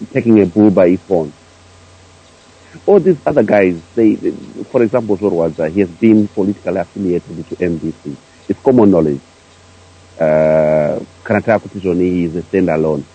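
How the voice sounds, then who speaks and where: Hesitant caller with a deep, gravelly voice. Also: male voice, mellow, dull audio. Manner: hesitant, many uhs and restarts. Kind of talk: phone-in commentary.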